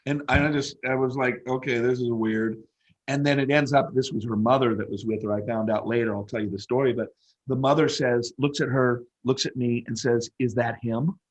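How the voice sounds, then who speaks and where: Animated storytelling man in his fifties. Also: mid-range voice, brisk. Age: 50s. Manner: animated, emphatic storyteller who repeats phrases for effect. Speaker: interview guest, motivational speaker. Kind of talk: storytelling in a conversational interview.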